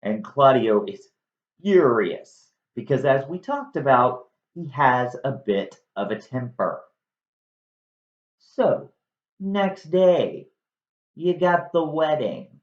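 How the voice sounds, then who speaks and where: A man of middle pitch casually recaps a play with dry jokes and a loose, unhurried delivery. The recording sounds slightly muffled, and a roomy echo hangs around him. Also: sing-song. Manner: casual, joking, filler-heavy. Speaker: storyteller retelling a play. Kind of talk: casual retelling. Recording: dull echoey room recording.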